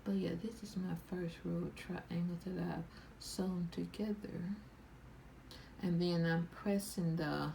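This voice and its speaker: A woman talks through her quilting work at a slow, unhurried pace, circling back and repeating herself as she goes. Her tone is casual, like a show-and-tell vlog. Faint room noise sits behind her voice. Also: on the low side, fairly even intonation, creaky, dark tone, low-quality recording. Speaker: quilting channel host.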